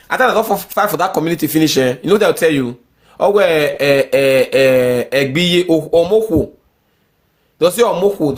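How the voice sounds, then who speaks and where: A lower-voiced woman with a Nigerian accent angrily rants in heated commentary for social media, frequently repeating herself and switching between pidgin and English.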